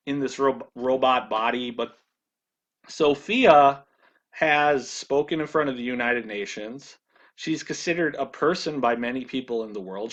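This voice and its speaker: A man's voice: mid-range voice, fairly bright tone. Male presenter, casual talk, stumbles and restarts a lot, dull lo-fi recording. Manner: halting, with frequent restarts and repeated words. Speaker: ministry video presenter. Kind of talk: casual monologue.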